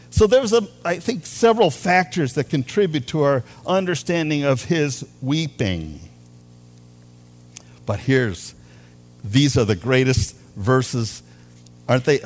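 A man preaching a sermon as a pastor, with animated delivery, drawing out key words for emphasis. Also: a little high, moderate pace, soft background music.

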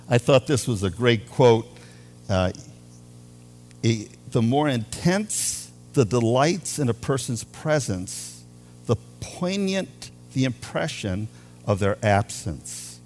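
A man preaching a sermon as a pastor, with animated delivery, drawing out key words for emphasis. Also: mid-range voice, slow, faint music behind.

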